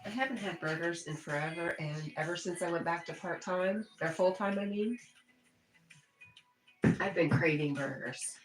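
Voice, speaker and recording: Streamer, woman, lowish voice, reads chat aloud and answers it casually; echoey room, faint music underneath. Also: moderate pace. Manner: reads viewer chat messages aloud and chats back. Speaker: livestream host.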